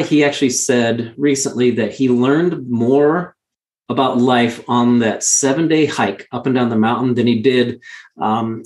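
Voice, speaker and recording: Male interview guest, candid storyteller, emphatic with restarts, mid pitch, echoey room. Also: a little mellow. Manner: earnest, emphatic, frequent restarts. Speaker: guest, mountain guide.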